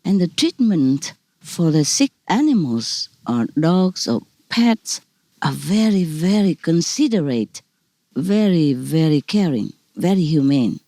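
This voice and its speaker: Low, mellow-voiced woman telling stories. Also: big pitch swings, slow, no room sound. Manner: warm, anecdotal storytelling with frequent "you know" and soft laughs. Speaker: spiritual teacher. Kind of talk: casual talk to listeners.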